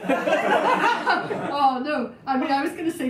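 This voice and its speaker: Scottish woman comic, unhurried and halting, roomy far-off live recording. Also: sits high, sing-song, very noisy. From Scotland. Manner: self-deprecating, halting with fillers. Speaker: stand-up comedian. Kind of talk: stand-up comedy set. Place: small venue with live audience.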